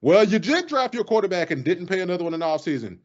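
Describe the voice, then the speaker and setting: A man co-hosting a sports podcast with a fairly high voice, ranting in an animated, profane way. The audio is dull and lo-fi, like a cheap podcast mic. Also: fast talker. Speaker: podcast co-host. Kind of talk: casual sports chat.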